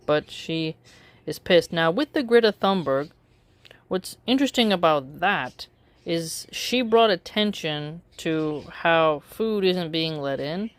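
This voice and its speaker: A woman giving casual opinion commentary in a wry, measured way, drawing out her phrases with pauses. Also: on the low side, expressive, no room sound. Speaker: political commentary vlogger.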